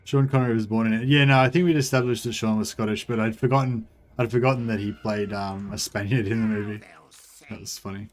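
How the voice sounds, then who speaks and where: A man streams a strategy game, rambling casually, chatting with viewers and swearing now and then. His lowish voice keeps a steady tone at a quick pace.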